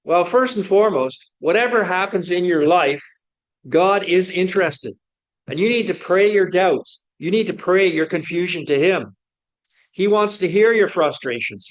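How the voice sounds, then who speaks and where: A man's voice: high voice, animated, unhurried. A man preaching a sermon, asking many rhetorical questions in an earnest, searching way.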